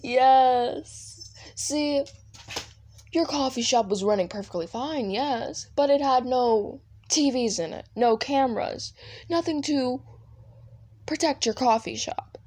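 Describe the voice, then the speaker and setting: A woman voicing a possessive male TV-headed demon overlord in a fan audio role-play, talking in a smooth, coaxing, controlling way. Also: sits high, slow, darkish tone. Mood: smug.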